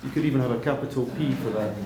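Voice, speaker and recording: A man's voice: mid-range voice, rapid-fire, a crowd in the background. A man leading a classroom writing session, thinking aloud and correcting himself as he edits a text. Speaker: English writing tutor. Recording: echoey room with faint noise.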